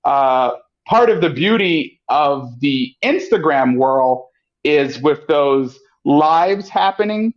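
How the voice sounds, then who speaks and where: A man guest on a podcast, chatting casually and acting out quotes in lively voices. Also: slow. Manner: animated, acts out quotes with pitch jumps. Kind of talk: casual storytelling chat. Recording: muffled lo-fi audio.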